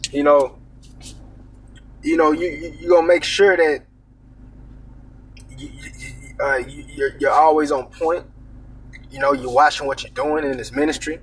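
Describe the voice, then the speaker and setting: Slow husky man preaching from afar. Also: on the high side, distant mic. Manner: reads verses aloud then comments, adds "man" and "all right?". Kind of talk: informal scripture teaching.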